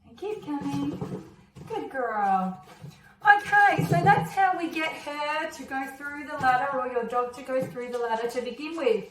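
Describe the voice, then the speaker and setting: A woman's voice: sits high, expressive, a little slow, crowd noise. A woman teaching dog training, praising and encouraging her dog between explanations to the viewer. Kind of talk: instructional dog training video. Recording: echoey, distant camera sound.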